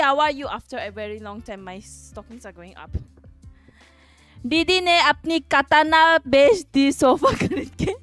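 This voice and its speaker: Playful Indian woman, slightly high voice. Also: a bit bright, no echo. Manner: playful, giggly, greets chat viewers. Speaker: livestream host. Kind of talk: casual stream chat.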